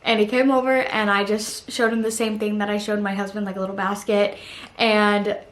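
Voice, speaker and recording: A woman's voice: mid-range voice, level tone, brisk. A young woman telling a story to camera in a casual, chatty way, with lots of "like" and giggly asides. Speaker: vlogger. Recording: roomy echo.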